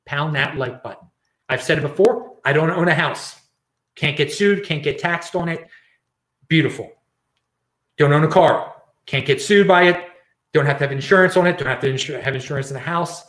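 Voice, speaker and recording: A man's voice: fairly high pitch, moderate pace, a bit bright, echoey room. A man hosting his own show, ranting in casual commentary and often repeating and restarting words. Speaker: show host.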